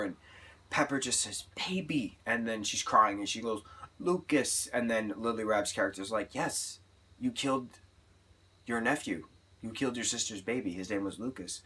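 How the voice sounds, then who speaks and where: A man talks through a TV review in a casual, rambling monologue. His voice is bright and forward, and it sits at a middle pitch. He gets excited and jumps from point to point. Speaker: TV review vlogger.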